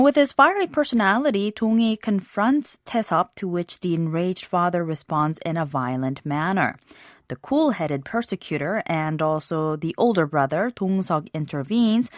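A woman hosting a scripted language lesson, explaining phrases in a measured way and slowing down on key words. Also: on the low side, no echo, studio quality.

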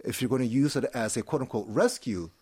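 A man's voice: medium pitch, animated, fast, darkish tone, husky, no room sound. A man talking as a guest in an interview, explaining an artist's work with many fillers and frequent "right?" check-ins. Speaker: art commentator guest. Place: studio in Seoul.

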